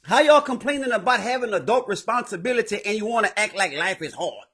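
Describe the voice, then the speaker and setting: A man with a high, bright, ringing voice rants through a straight-talking advice monologue. He is loud and profane, often breaking into shouts. He hosts his own show. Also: fast talker, husky. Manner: animated, profane, bursts into shouting. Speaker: show host.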